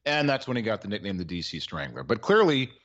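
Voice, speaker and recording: A man's voice: lowish voice, very animated, quick pace, fairly bright tone, muffled recording. A man co-hosting a podcast, telling a sports story in a wry, rambling way with plenty of filler words. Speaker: podcast co-host. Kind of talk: casual sports chat.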